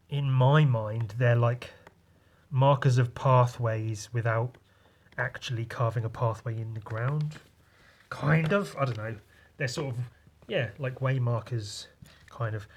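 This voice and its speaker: A man talks slowly and loosely while he draws, mixing tips on panels with crude jokes and swearing. His voice sits at an ordinary pitch, with an unhurried, meandering pace. He often trails off and mutters as he works. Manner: crude, rambling, self-mocking jokes. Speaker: podcast host and comic artist. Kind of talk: casual drawing podcast.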